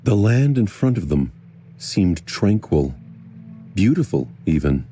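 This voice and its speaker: A man reading a fantasy novel aloud as a narrator, in a measured, even storytelling delivery. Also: low-pitched. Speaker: audiobook narrator. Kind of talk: scripted narration.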